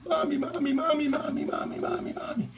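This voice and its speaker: A man voicing a frightened small child who screams over and over in a shrill wail. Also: steady tone, a little fast, noisy background. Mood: pleading. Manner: shrill repeated wailing.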